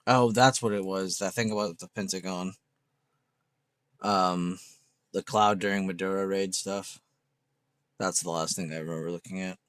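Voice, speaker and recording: A man hosts a casual livestream, reading viewer comments and chatting loosely, joking around, swearing now and then and laughing at his own jokes. His voice is low and fairly bright, with fairly even intonation, normal speed and long pauses. The recording has no echo.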